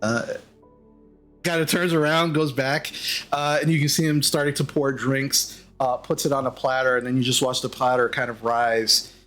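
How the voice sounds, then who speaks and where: A man as game master narrating a tabletop game, halting with many fillers. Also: mid-range voice, steady tone, a bit bright, soft background music.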